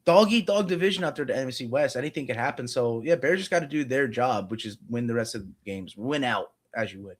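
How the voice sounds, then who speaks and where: A man's voice: mid-range voice, animated, fast talker, few pauses. A man co-hosting a sports betting podcast, talking casually and thinking aloud with lots of fillers. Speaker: podcast co-host.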